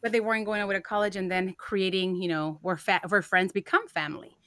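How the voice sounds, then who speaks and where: A woman's voice: medium pitch, steady tone, fast talker, sharp tone, dry recording. A young woman co-hosts a parenting podcast, telling stories in a chatty way and slipping into Spanish now and then. Her voice sits in a middle register. The recording is dry and close, with little room sound. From Mexican-American family. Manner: chatty storytelling, mixing in Spanish phrases. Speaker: podcast co-host. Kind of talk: casual chat.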